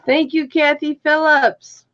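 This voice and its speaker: A chatty woman with a fairly high voice runs a live online jewelry auction, greeting bidders by name and counting down offers. The stream audio sounds muffled and lo-fi, with a faint hiss underneath. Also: little pitch movement, takes it slowly, fairly bright tone. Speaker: auction host.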